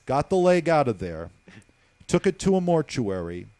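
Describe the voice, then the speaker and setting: A man, a hospital security guard, telling stories casually on a talk show, profane and animated, leaning on the word basically. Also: on the high side, moderate pace, no room sound. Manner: profane, animated storyteller, many fillers like "basically".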